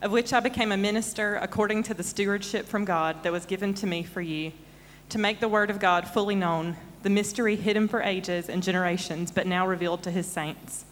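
A woman from the American South with a Southern accent, reading scripture aloud in church in a steady, measured way. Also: medium pitch, in a large hall, a little hiss or hum. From Southern United States. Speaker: congregation member reading scripture.

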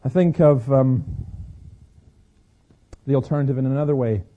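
A man's voice: mid-range voice, moderate pace, mellow, muffled recording. A man giving a Christian talk, telling personal stories with frequent restarts and repeated words. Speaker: Christian speaker.

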